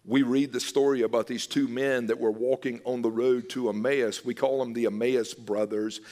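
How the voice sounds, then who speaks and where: A man's voice: mid-range voice, fairly even intonation, normal speed, dark tone, big-room sound. A man, a pastor, preaching a sermon in an earnest, emphatic way, repeating his key phrases.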